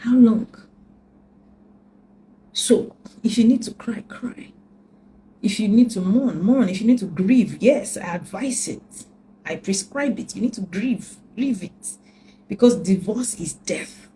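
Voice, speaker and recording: A woman's voice: mid-range voice, lively intonation, slow pace, dark tone, slight background noise, poor audio. A woman relationship coach giving earnest advice, emphatic and repetitive, often dropping to a near whisper. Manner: emphatic, repeats key lines, drops to near whispers.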